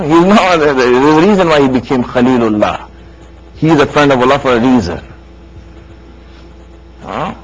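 A man's voice: mid-range voice, normal speed, long pauses, low-quality recording. A man preaching a sermon, telling a story with emphatic repetition and questions to his listeners. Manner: emphatic, repeats key lines, asks listeners questions.

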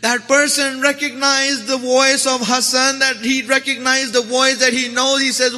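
A man's voice: very high voice, level tone, normal speed, few pauses, bright, forceful tone. A male preacher telling a story in a sermon, earnest and repetitive, voicing the figures. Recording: echoey hall.

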